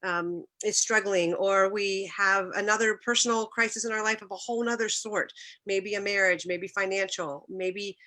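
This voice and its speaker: At a church talk, a middle-aged woman speaks earnestly about her faith, telling personal stories, sometimes becoming emotional and occasionally restarting. Her mid-range voice is steady, bright, and forceful at a moderate pace.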